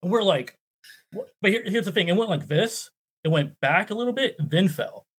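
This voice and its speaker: A man, a guest on the show, telling a story in a casual, animated way with lots of "like". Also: high-pitched, fairly quick, slightly rough. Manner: animated, filler-heavy "like". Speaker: guest explorer.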